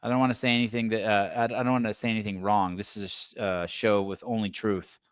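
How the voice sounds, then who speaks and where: A man's voice: lowish voice, little pitch movement, quick pace, clear, resonant tone, no room sound. Male podcast host, rambling and foul-mouthed, talking close to a dry mic. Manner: profane, rambling riffs with stammered restarts. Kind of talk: casual livestream commentary.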